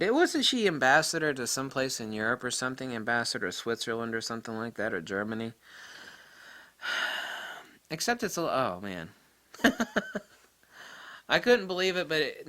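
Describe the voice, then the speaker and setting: Male vlogger, casual incredulous rant, bright tone, lively pitch, laughs a lot. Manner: incredulous, rambling, laughs often. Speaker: photography vlogger.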